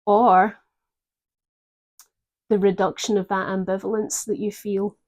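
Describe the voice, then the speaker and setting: A woman giving a gentle, reflective tarot reading, pausing often to think. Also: medium pitch, flat delivery. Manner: gentle, reflective, with pauses and fillers. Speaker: tarot reader.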